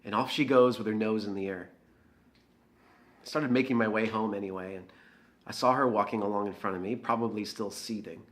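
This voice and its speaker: A man's voice: fairly low pitch, steady tone, brisk, natural voice. An actor playing a bitter, jealous young man who has been drinking, confessing in a dramatic monologue for an audio drama. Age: young adult. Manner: sullen, defensive confession.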